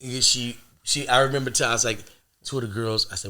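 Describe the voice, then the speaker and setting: A young man telling a wild story on a podcast, loud and laughing as he acts out the quotes. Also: medium pitch, fairly even intonation, quick pace. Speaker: podcast guest. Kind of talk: animated storytelling.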